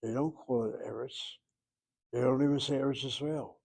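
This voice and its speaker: Middle-aged male Hebrew teacher, lecturing, mid-pitched voice, stops to hunt for words. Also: fairly even intonation, darkish tone, slightly rough. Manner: thinks aloud, pauses to search for terms. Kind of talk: classroom lecture.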